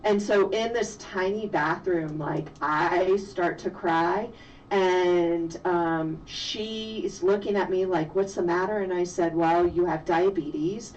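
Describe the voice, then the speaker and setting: Slow-spoken woman physician, distant lo-fi. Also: fairly low pitch, steady tone, a little mellow. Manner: slow, reflective storytelling. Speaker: physician and mother, guest. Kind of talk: storytelling interview. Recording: distant, dull lo-fi sound with faint noise.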